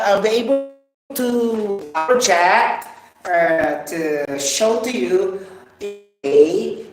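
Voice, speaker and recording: Woman vocal coach, casual and unhurried, often checking in with the listener; booming room echo. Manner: chatty, keeps checking in with okay. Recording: very echoey room, faint music.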